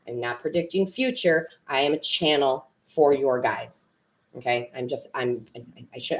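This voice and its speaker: A woman tarot reader and medium chatting with viewers on a live stream, rambling and correcting herself, teary and emotional. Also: extremely low pitch.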